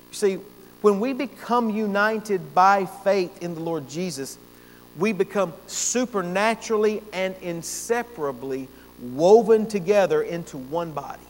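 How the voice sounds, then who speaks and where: High-voiced preaching man in a reverberant church. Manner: earnest preaching with emphatic repetitions. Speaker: pastor. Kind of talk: sermon. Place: church sanctuary. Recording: long church reverb, faint hum.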